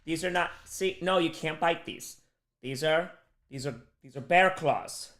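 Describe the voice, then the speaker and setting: A man's voice: on the high side, a little slow, a bit bright. A man hosting a charity livestream from home, chatting casually, fondly scolding his dog and thanking donors. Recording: roomy echo.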